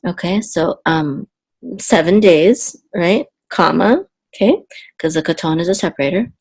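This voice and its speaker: A woman teaching Hebrew cantillation, patiently repeating terms and chanting verses, her voice a little hoarse. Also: fairly low pitch, lively intonation, unhurried, darkish tone. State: slightly hoarse, clearing her throat. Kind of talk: slow explanatory lesson with chanted Hebrew.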